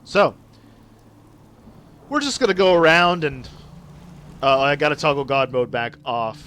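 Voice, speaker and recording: A young Canadian man streaming gameplay live, chatting excitedly with viewers and apologizing a lot. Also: fairly high pitch, a little slow, clear, resonant tone.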